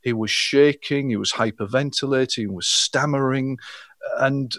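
A man's voice: mid-range voice, moderate pace, a bit bright, no room sound, clean studio sound. A middle-aged man, a hypnotherapist, explaining his work step by step in an interview. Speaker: hypnotherapist guest.

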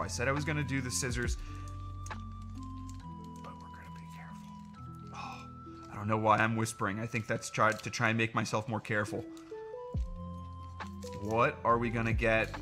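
Over background music, a card-opening channel host with a medium-pitched voice chats casually like a fan as he reads out card names. When a rare card turns up, he bursts into loud excitement.

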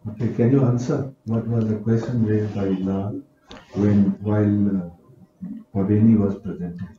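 A man chairing a seminar discussion, asking questions in a slow, deliberate way. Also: fairly low pitch, steady tone, warm tone, a little hiss or hum. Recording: very echoey room, dull lo-fi sound.

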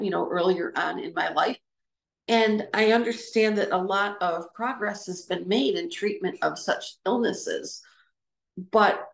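A middle-aged woman giving an informal, reflective talk about personal experience, pausing and restarting as she searches for words. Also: mid-range voice, creaky, roomy sound. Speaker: trauma recovery speaker.

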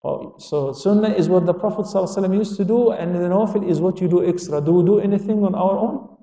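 A man with a high-pitched, mellow voice talks fast as he delivers a religious lecture to an audience. The Islamic lecturer poses questions and answers them himself, quoting in Arabic, recorded in an echoey hall far from the mic.

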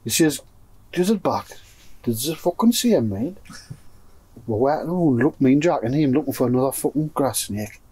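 With a mid-range, mellow, husky voice that's expressive at normal speed, a Geordie man from North East England entertains friends in a pigeon loft with a long story. This pigeon fancier swears throughout and acts out what each person said.

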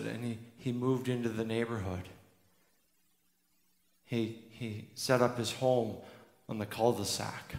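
A man preaching a sermon as pastor, earnest and emphatic, repeating key lines for weight. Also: medium pitch. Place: church sanctuary. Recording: echoey church hall with long reverb.

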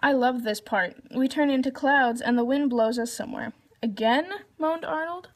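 A woman with a fairly high voice reads a children's storybook aloud. She reads the narration plainly and lifts her pitch for the characters' lines. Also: normal speed, a little hiss or hum. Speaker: reader.

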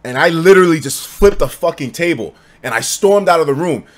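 Young guy livestreaming, cussing a lot, goes from mumbling to yelling, super lively voice. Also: a little fast. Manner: animated, swings from low mutters to loud bursts; swears freely. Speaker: streamer. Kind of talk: casual storytelling on a livestream.

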